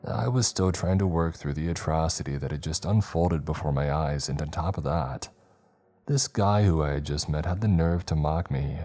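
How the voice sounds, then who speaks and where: Deep, dark-voiced male horror narrator. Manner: measured, dramatic first-person reading. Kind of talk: scripted narration.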